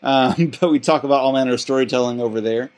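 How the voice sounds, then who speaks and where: A man's voice: medium pitch, fast talker, a little mellow. Casting: male podcast host, casual and rambling, mid-range voice. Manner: rambling, many restarts and fillers. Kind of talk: casual chat.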